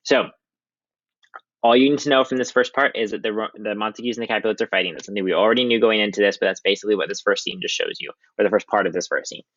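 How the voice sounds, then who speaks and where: A male teacher talks through a literature lesson in a chatty, casual way, leaning on lots of ums. His voice sits low, and the recording sounds dull and dry, as if made close up. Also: racing, fairly bright tone, dry recording.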